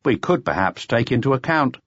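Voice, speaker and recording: A man's voice: mid-range voice, big pitch swings, a little fast, fairly bright tone, dry recording, pitched above the performer's own voice. A man voicing an impatient middle-aged police chief inspector, interrogating bluntly and at times coaxing like a father. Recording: slightly dull lo-fi audiobook recording.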